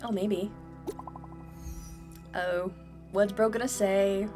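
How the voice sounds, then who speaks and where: A woman streaming a game playthrough, reacting in a playful, bantering way and laughing often. Her voice sits at a middle pitch, with faint game music underneath. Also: steady tone, drawn-out words, pauses often, a little mellow. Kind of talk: gameplay commentary.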